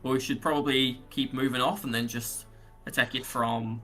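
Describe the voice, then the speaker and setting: Player, male, bright tense voice, chatty, works out rules aloud. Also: mid-range voice, fairly even intonation, normal speed, faint music behind. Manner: chatty, thinks out loud about rules. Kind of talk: casual tabletop play.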